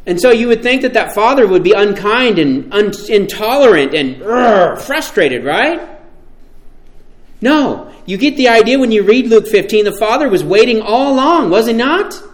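Male preacher, slightly high voice, animated and emphatic, sermon delivery. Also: normal speed, roomy sound. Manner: animated, emphatic, with rhetorical questions.

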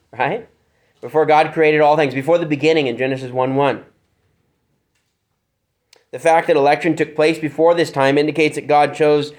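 A man preaching an expository sermon, earnest and searching for words, with fillers and restarts. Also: on the high side. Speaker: pastor.

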